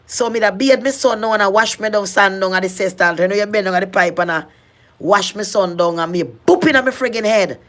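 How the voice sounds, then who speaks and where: A middle-aged woman with a strong Jamaican accent recounts her own past in a personal vlog. She speaks at an ordinary middle pitch in earnest, heavy patois. She circles back and restarts phrases as she goes. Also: brisk, fairly bright tone. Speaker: vlogger telling her life story. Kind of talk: personal storytelling.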